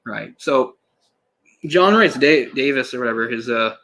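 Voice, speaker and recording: Man, casual film commentary, rambling, self-correcting, bright tone. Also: mid-range voice, expressive, a little slow. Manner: rambling, self-correcting, laughs and swears in passing.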